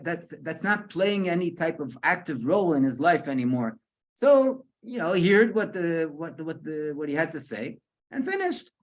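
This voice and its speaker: A man, a rabbi, telling a story to a small group in a chatty way, chuckling often and repeating words as he searches for them. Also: fairly high pitch.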